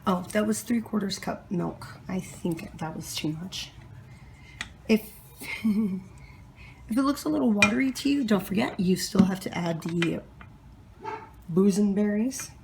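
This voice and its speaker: A woman's voice: medium pitch, lively intonation, unhurried, gravelly, pauses often. Woman cooking in her kitchen, chatty vlog voice, jokey little asides to herself, bit of faint hum behind. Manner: chatty, self-mocking asides. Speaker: home cook. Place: home kitchen.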